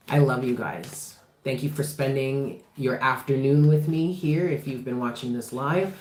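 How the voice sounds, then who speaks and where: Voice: medium pitch, unhurried, few pauses, music in the background. Impassioned tarot reader in an echoey room. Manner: emphatic, impassioned, swears freely; repeats phrases for emphasis. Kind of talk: livestreamed tarot reading. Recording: roomy echo.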